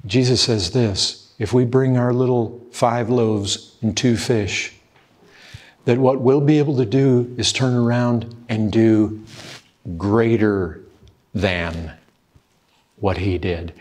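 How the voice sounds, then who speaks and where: A man's voice: mid-range voice, fairly even intonation, slow pace, darkish tone. A man preaching an urgent, pleading sermon, often appealing to his listeners as brethren. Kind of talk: fervent sermon.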